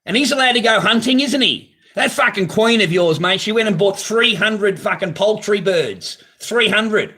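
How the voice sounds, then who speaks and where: A man's voice: sits high, lively intonation, moderate pace, few pauses, bright, forceful tone. A man hosting a live stream from his garage on a phone camera, talking casually in a blunt, profane, ranting way. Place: home garage.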